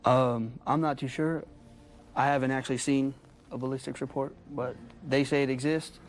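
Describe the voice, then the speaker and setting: A man's voice: mid-range voice, level tone, normal speed. A young man, a talk show guest, earnestly recounting his arrest in a studio interview.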